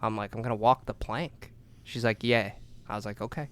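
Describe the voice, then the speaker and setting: A young man co-hosting a podcast, telling a long story in a loose, profane way, acting out voices and shouting at the big moments. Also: lowish voice, steady tone, a little fast, smooth, dry recording. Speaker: podcast co-host. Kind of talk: casual storytelling chat.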